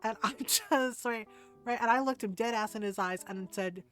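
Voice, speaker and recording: A woman's voice: on the high side, moderate pace, a bit bright, faint music behind. A middle-aged woman streamer chatting casually while gaming and telling a personal story candidly, swearing freely and laughing often.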